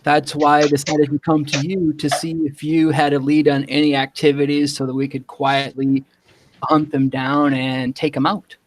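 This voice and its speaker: A man playing in a tabletop game, speaking for his character in a measured, fairly formal way. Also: on the high side, little pitch movement, rough recording. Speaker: player. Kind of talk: tabletop game role-play.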